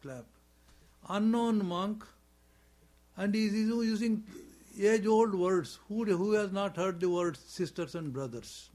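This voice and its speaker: A man's voice: high voice, a little mellow. A man giving a spiritual talk on scripture, chanting in Sanskrit and explaining with repetition and rhetorical questions in slightly imperfect English. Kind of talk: sermon on scripture.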